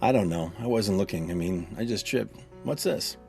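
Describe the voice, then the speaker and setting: A man's voice: on the low side, moderate pace, gravelly, a little mellow, soft background music. A man voicing a dreamy, absent-minded boy who answers vaguely in a storybook reading. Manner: vague, distracted.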